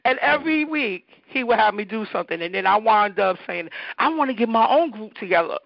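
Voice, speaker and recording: A woman DJ telling stories as an interview guest, animated and acting out the people she quotes. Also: on the high side, brisk, vocal fry, slight background noise. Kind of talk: conversational storytelling. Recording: dull, dry lo-fi recording.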